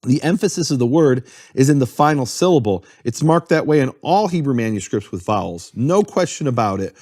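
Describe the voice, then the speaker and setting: A man's voice: medium pitch, expressive, brisk, darkish tone, no room sound. Dry, earnest man explaining. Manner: earnest, explanatory, spells out terms. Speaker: guest explaining Hebrew. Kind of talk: conversational explanation.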